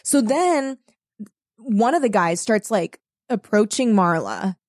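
A woman's voice: medium pitch, sing-song, slow pace, darkish tone, no echo, clean studio sound. A young woman casually recapping a story with a friend, chatty and quoting characters in mocking voices. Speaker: podcast co-host recapping a book. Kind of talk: casual chat.

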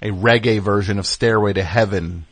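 A man's voice: fairly low pitch, moderate pace, husky, no room sound. A man hosting a call-in radio show, chatting loosely with callers in a rambling way full of fillers. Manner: relaxed, rambling, many fillers. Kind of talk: casual call-in chat.

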